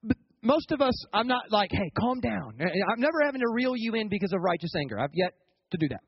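A man with a high, breathy-edged voice talks fast, his pitch swinging widely, in a dry recording with the highs cut off. He preaches a sermon as a pastor in a conversational, colloquial way, often restarting his words and asking the congregation for responses.

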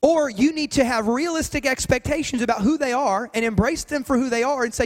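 A man's voice: very high voice, brisk, hardly any pauses, big-room sound. A man preaching a sermon as pastor, with an emphatic, repetitive cadence.

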